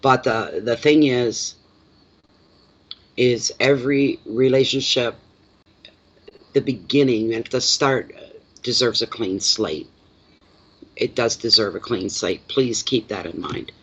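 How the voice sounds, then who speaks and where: A Canadian-accented man talks through a live tarot reading in a chatty, plainspoken way, repeating words for emphasis and answering chat comments. His pitch sits in an ordinary middle range. The recording is dull and lo-fi. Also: slow pace, long pauses, a bit bright, husky. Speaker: tarot reader.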